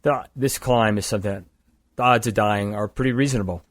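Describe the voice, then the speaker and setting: A man's voice: on the low side, a little fast, no room sound. An older man from the East Coast of the United States, a guest on a podcast, telling a long story in a matter-of-fact way. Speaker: guest, climbing gear company founder. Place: indoors across a table.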